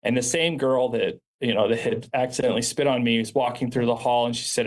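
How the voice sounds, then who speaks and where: Earnest man recounting school stories. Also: medium pitch. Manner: earnest, reflective, halting with restarts. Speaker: charter school founder and principal. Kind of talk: podcast interview storytelling.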